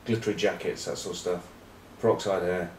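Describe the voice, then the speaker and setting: A man's voice: low-pitched, steady tone, a little fast, a little hiss or hum. A man, rambling wryly and cheekily in casual rugby chat to camera. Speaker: rugby pundit and vlog host. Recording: roomy echo, distant mic.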